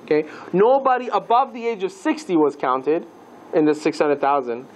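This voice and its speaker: A man teaching a class as a rabbi, lively and playful, asking the listeners questions and mixing Hebrew terms into his lesson. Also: a little high, normal speed, a little hiss or hum, rough recording.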